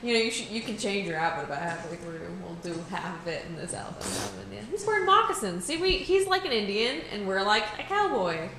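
A woman's voice: mid-range voice, big pitch swings, fairly quick, hardly any pauses. A young woman giving casual, teasing commentary while explaining a horror game to a friend. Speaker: co-host showing a game. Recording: roomy room with noise.

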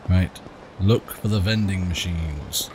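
Speaking slowly in a low voice, a let's play host offers laid-back, wryly funny commentary on a game playthrough and reads its dialogue out loud. There's background noise, with game music running beneath him.

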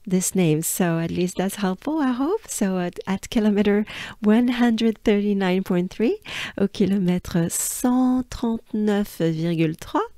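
A French woman with a French accent, slowly coaching pronunciation of place names by repeating syllables patiently. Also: medium pitch, dark tone, no echo, studio quality. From France. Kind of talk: slow pronunciation lesson with drills.

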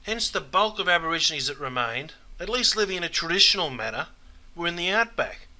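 An Australian man with a very bright, forward voice hosts a comedy explainer. He talks in broad slang and drops "mate" into nearly every sentence. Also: on the high side, sing-song, brisk. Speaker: host. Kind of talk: comic explainer sketch.

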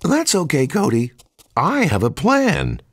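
A man voicing a friendly, soft-hearted young male raccoon in a children's storybook, in a higher, sing-song voice. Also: wildly swooping pitch, slow, slightly rough, exaggerated voice. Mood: chirpy.

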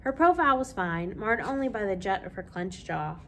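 A children's librarian reading a novel aloud with expressive, lively storytelling. Her voice sits at a middle pitch, with a faint hiss behind it. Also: normal speed.

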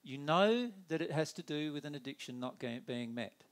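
A man giving a conversational spiritual talk, animated and acting out inner dialogue in quick put-on voices. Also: fairly high pitch. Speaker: spiritual teacher.

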